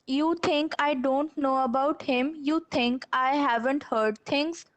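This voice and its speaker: A woman's voice: high-pitched, slow pace. A young woman reading the part of a worried, strict mother in a class reading.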